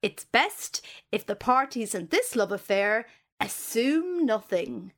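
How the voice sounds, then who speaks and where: Lively woman podcast host reading notes. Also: on the high side, takes it slowly. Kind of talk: comedy podcast chat, reading notes aloud.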